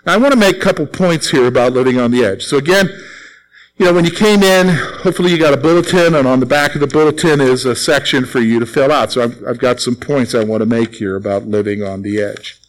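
A man's voice: mid-range voice, quick pace, low-quality recording. A middle-aged man preaching a sermon as pastor, talking to his congregation in a conversational way and repeating his points. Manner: conversational preaching with repeated phrases and acted quotes.

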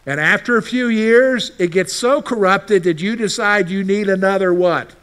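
A male pastor with a high-sitting, smooth, slightly bright voice preaches a conversational sermon at a moderate pace. He fires questions at the congregation, answers them himself, and plays out imagined listeners' replies.

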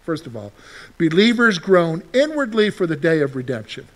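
A male pastor preaching a sermon in a lively way, often putting rhetorical questions to the congregation. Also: fairly high pitch, normal speed.

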